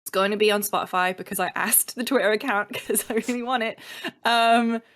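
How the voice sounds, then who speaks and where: A woman chatting as a podcast guest in a lively, loose way, swearing freely and pitching games with enthusiasm. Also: brisk. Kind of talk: casual podcast chat.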